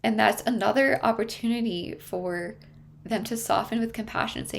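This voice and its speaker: A woman therapist explaining a TV drama in an earnest, emphatic way, slowing down to stress key words. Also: fairly high pitch, gravelly, slight background noise. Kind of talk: explanatory commentary on a TV show.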